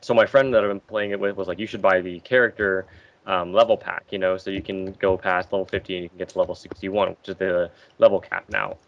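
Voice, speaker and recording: A man's voice: low voice, steady tone, quick pace, vocal fry, muffled recording. A man rambling and joking through a story in casual group chat on a voice call. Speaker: podcast co-host.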